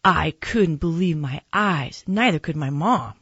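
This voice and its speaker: A woman reading a children's picture book aloud in a gentle, expressive storytelling manner. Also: deep voice, unhurried, slightly rough, dry recording, dull audio. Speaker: narrator.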